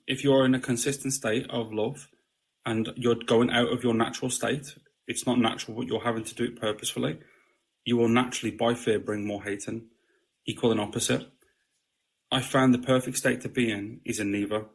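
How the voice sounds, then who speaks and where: A man talks in a casual spiritual conversation, blunt and full of swearing. His pitch sits in an ordinary middle range. He keeps checking in with the listener. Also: little pitch movement, a little fast, vocal fry. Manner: blunt, swears freely, repeats "you know what I mean". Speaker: podcast guest.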